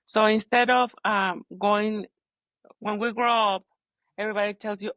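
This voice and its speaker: Earnest woman guest, halting and searching. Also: mid-range voice, fairly even intonation, a bit bright, dry recording, dull audio. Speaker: podcast guest, holistic healer. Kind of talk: candid personal conversation.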